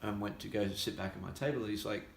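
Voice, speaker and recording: A man's voice: fairly low pitch, fast, gravelly, slight background noise. An Australian man, a musician, chatting casually and animatedly telling a story, acting out the voices of the people in it. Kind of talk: casual chat. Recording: echoey room.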